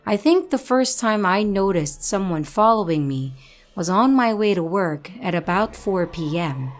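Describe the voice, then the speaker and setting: A woman narrates a true scary story with a steady, dramatic delivery. Her pitch sits in an ordinary middle range. Soft music plays faintly underneath her voice. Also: a little slow. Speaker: narrator reading viewer stories. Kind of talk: scripted horror story narration.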